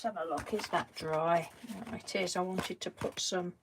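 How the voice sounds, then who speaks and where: A woman hosting a craft live stream. She chats casually, greets viewers and answers them from the live chat, and reassures them gently, often trailing off mid-sentence and starting over. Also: lowish voice, fairly even intonation, normal speed, creaky, hardly any pauses, noisy background.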